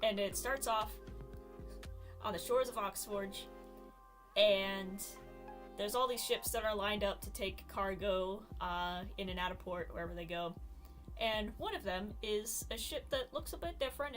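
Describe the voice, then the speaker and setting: A woman's voice: mid-range voice, a little slow, a bit bright, soft background music. A woman streaming a game, chatting casually and telling a rambling story with frequent laughs. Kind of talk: casual chat while gaming.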